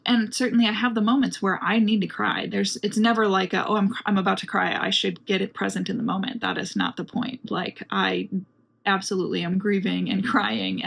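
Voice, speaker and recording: Very gravelly, earnest woman vlogging. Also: mid-range voice. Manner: earnest, searching, unhurried. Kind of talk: casual reflective vlog. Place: home apartment.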